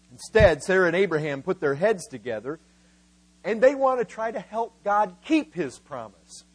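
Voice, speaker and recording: Male preacher, high voice, emphatic sermon delivery that slows for stress. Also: breathy edge, rough recording. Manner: emphatic, voices biblical figures in quotes, slows for key words.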